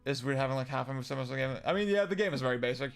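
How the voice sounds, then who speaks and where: A man's voice: mid-range voice, expressive, very fast, creaky, smooth, faint music behind. A young man chatting casually on a livestream, answering viewer comments in a rambling way, with lots of fillers, restarts and casual swearing. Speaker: livestream host.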